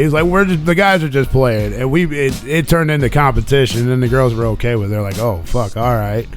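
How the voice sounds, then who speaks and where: A man hosting a radio show, casually telling a long, profane, rambling story about a weekend away. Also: mid-range voice. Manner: profane, rambling, laid-back.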